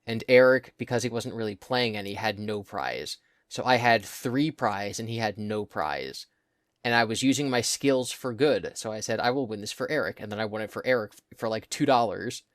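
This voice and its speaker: A man's voice: lowish voice, lively intonation, moderate pace, dry recording. Laid-back young man, dry close sound. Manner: easygoing, drawls words out when making a point. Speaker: podcast co-host. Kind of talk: casual storytelling chat.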